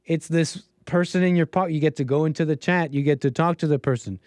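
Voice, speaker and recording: A man's voice: fairly high pitch, quick pace, darkish tone, dry recording. A man hosting a livestream show, talking in a casual, rambling monologue with many restarts and mocking put-on quotes.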